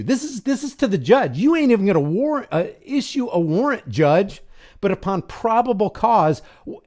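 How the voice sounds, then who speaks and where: A man's voice: sits high, big pitch swings, moderate pace, darkish tone. A man hosting a live commentary stream, talking in an impassioned, preachy way. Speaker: host.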